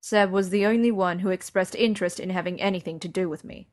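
Proud aloof young man in pain, read by a woman, dry and cutting, low register. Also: fairly even intonation, fast talker, lightly acted. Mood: guarded. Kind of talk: audiobook character reading.

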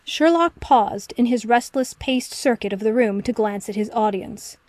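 Female narrator, expressive and steady, dry close recording. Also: a little high, normal speed, no echo. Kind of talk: audiobook reading of fan fiction.

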